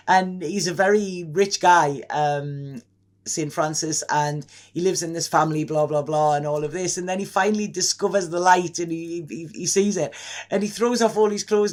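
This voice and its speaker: A man's voice: sits high, normal speed. A man giving a casual tarot reading to camera, effusive and rambling, often restarting and laughing. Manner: excitable. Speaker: tarot reader.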